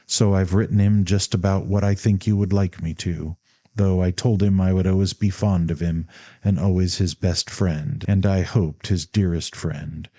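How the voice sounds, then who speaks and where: A man's voice: low voice, fairly even intonation, moderate pace, warm tone, no echo. Man reading as a tender devoted mother. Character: tender, devoted middle-aged mother writing to her son.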